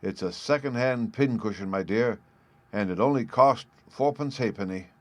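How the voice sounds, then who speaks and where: A man's voice: medium pitch, normal speed, dry recording, natural voice. A man voicing a cheerful, fussy old male professor with a gleeful manner.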